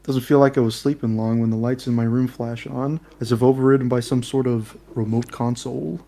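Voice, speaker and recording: A man's voice: medium pitch, steady tone, brisk, mellow. A man reading a story game aloud, plain first-person narration with offhand asides.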